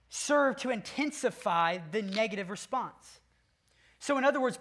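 A man preaching an expository sermon, emphatic and deliberate, stacking repeated phrases for stress. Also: very high-pitched, a bit bright.

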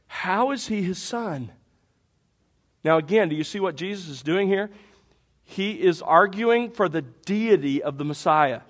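Male pastor, high voice, animated expository sermon, reads verses aloud and asks rhetorical questions. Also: a little slow.

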